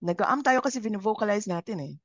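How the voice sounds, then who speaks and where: A woman's voice: medium pitch, fast, dry recording. Filipino woman facilitator, engaging trainer who quizzes her class, dry muffled recording. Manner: engaging, asks the group questions. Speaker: communication trainer. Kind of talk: live training session, Taglish. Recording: dull lo-fi sound.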